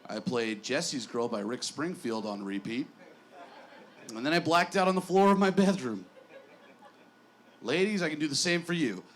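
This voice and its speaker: A man's voice: a little high, animated, normal speed, long pauses. Rambling self-deprecating male stand-up. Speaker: stand-up comedian. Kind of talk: stand-up comedy set. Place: small bar.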